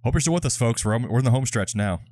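A man's voice: medium pitch, animated, fast, darkish tone, no room sound, studio quality. A man co-hosting a casual podcast, easygoing and laughing often. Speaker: podcast co-host.

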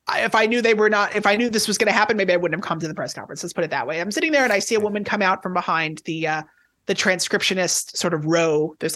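A man who is a tennis journalist, chatting as a podcast guest, talking quickly and excitably with lots of restarts. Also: sits high, no echo. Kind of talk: casual podcast chat.

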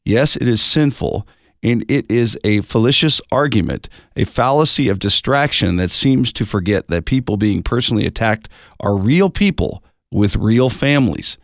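A man co-hosting a radio show, reading listener emails in a measured, steady way. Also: on the low side, no room sound, studio quality. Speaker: radio co-host.

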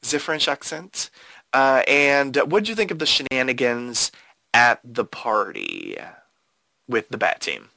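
A man co-hosting a podcast in casual chat, enthusiastic and playful, his pitch swooping up and down. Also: huge pitch swings, measured pace, creaky, pushed and bright, no echo. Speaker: podcast co-host.

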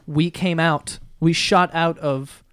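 A man's voice: fairly high pitch, fairly even intonation, slow, fairly bright tone, clean tone, no echo. A young man hosting a casual drinking podcast, joking crudely and laughing often. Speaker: podcast host.

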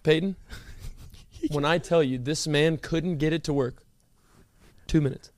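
High-voiced young man telling stories. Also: a little slow, dry recording. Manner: animated, swears freely, acts out quotes. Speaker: podcast co-host. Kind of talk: casual storytelling chat. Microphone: podcast studio mic.

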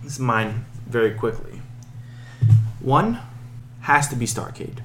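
A man's voice: medium pitch, lively intonation, slow pace, over music. A man co-hosting a casual wrestling chat, joking and stumbling over names as he talks. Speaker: podcast co-host.

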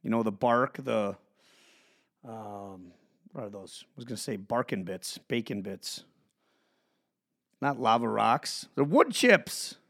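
A man hosting his own podcast, ranting in a profane monologue that swings from low mutters to shouts. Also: lively intonation, slow pace, long pauses. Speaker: podcast host.

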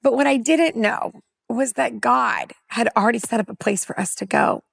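A woman in her forties from California speaks as a women's pastor on a panel. Her voice sits high and carries a heavy gravelly fry. She tells her story earnestly and acts out bits of dialogue, and the sound is dry, with no room echo. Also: moderate pace. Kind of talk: personal testimony in a panel conversation.

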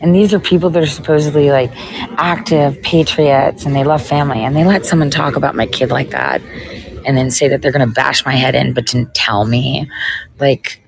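A woman's voice: a bass voice, fairly even intonation, normal speed, gravelly, rough recording. A woman, a political podcaster, in a casual ranting monologue full of sarcasm, profanity and mocking asides.

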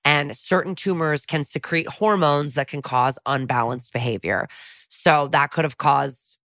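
Low-voiced woman, chatty recap. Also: measured pace, a bit bright, no echo, studio quality. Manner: chatty, wry asides while retelling scenes. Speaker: podcast co-host. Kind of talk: casual episode recap.

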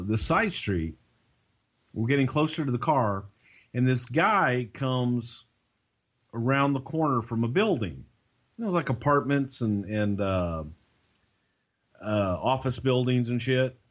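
A man's voice: medium pitch, muffled recording. A man casually telling a long, profane story, acting out the voices of the people in it. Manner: profane, animated, acts out quoted voices.

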